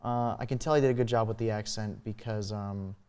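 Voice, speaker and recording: A man's voice: lowish voice, fairly even intonation, a little fast, noisy background. A young man chatting as a talk show guest, rambling with lots of fillers. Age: young adult. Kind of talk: casual chat.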